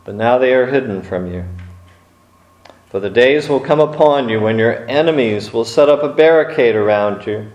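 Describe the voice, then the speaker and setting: A man preaching a sermon, speaking slowly with dramatic pauses and acting out quotes from scripture stories. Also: mid-range voice, darkish tone, muffled recording. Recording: echoey room.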